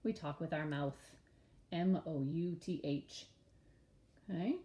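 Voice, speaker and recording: Woman, early-grades teacher, slow letter-by-letter spelling, warm low tone, roomy echo. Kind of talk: early-grades reading lesson.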